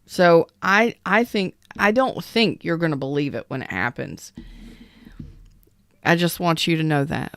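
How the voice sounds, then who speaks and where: A woman giving a casual live tarot reading, keeping her voice low and soft while she recovers. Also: expressive, measured pace, clean tone, no room sound, clean studio sound. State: recovering from an illness. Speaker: tarot reader.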